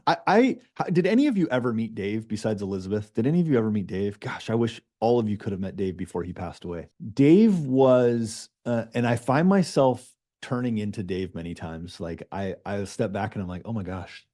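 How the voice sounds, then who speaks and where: A man, a business coach, giving an animated coaching talk to a group, stressing and repeating his key points. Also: on the low side, a little fast.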